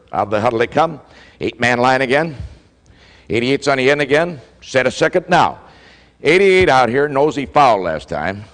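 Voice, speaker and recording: An older man giving a keynote talk to an audience, telling stories animatedly and acting out quoted exchanges. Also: medium pitch. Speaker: motivational speaker. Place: large hall before a live audience. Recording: speech with long hall reverb.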